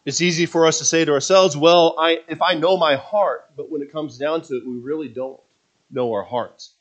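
A man preaching a sermon as pastor, swinging between loud emphatic passages and quiet, confiding asides. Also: on the high side, steady tone, normal speed.

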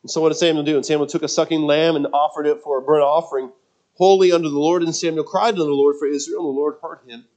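Man preaching a sermon, high voice, conversational, rhetorical questions, restarts. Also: fairly even intonation, quick pace, a little mellow. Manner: speculative, thinking aloud. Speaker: pastor.

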